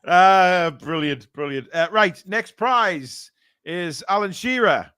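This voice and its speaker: A man with a high, bright, forceful voice that's clear and resonant hosts a charity live stream, animated but taking his time. He reads out donations, laughs at the cheeky comments and answers super chats with mock outrage, casual throughout, with no echo.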